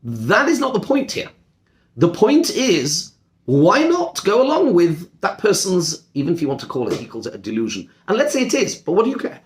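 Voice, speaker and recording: A man's voice: high voice, huge pitch swings, moderate pace, a little hiss or hum. A middle-aged man, a rabbi, giving a discussion-style lecture to a class, emphatic and repeating words as he thinks. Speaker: rabbi teaching a seminar class.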